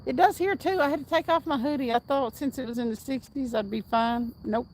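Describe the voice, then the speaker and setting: A woman's voice: high voice, a little fast, darkish tone, a little hiss or hum, low-quality recording. Chatty woman reading chat. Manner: chatty, reads chat aloud, laughs often. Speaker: fishing livestream host. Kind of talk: casual livestream chat reading comments. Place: outdoors at night, fishing.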